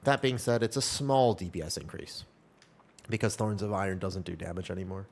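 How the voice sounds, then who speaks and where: Gravelly yet a little mellow, the young live streamer's low-pitched voice moves at a brisk pace. He's playing a game and chatting casually with viewers in a rambling, upbeat, reassuring way.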